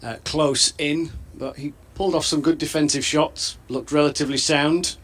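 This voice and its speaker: A man giving thoughtful, measured live cricket analysis as co-commentator. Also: a little high, steady tone, fairly bright tone.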